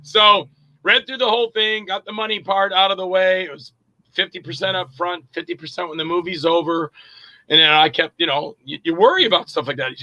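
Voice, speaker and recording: A man's voice: high-pitched, fairly quick, no echo, muffled recording. A middle-aged man, an actor and director, casually telling stories in an interview and acting out quoted dialogue with plenty of fillers. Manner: animated, acts out quoted dialogue, frequent fillers.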